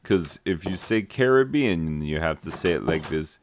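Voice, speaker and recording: A man, a teacher, rambling casually over his gameplay with jokes, trailing off and filling pauses with ums. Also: deep voice, expressive. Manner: meandering, joking, trails off with many fillers. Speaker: teacher making a gaming vlog. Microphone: close desk microphone.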